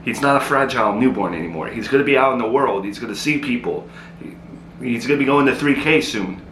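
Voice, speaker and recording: A man acting in a comedy sketch, exasperated and quick to argue back. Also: mid-range voice, animated, a bit bright, reverberant, a little hiss or hum, rough recording.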